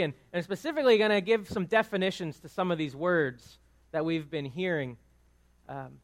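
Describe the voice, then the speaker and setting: Man, high-pitched voice, preacher, casual sermon, repeats words, asks "right?" often. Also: fairly bright tone. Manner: conversational, stammering restarts, frequent "right?". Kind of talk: sermon teaching on a psalm.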